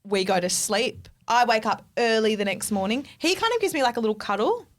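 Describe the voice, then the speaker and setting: A woman co-hosting a podcast, telling a story in casual chat, animated and swearing freely. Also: fairly high pitch, brisk. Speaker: podcast co-host.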